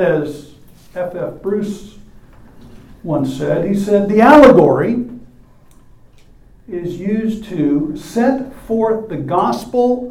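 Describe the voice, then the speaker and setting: A man's voice: high-pitched, mellow. A man preaching a sermon in a church, emphatic and full of rhetorical questions. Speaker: pastor. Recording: echoey room, mic at a distance.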